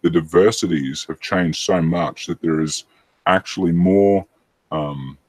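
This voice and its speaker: A very low, husky-voiced man talking on a casual podcast. He rambles and hesitates, often stopping to correct himself mid-thought. His voice sounds dry and close. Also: a little slow, no room sound.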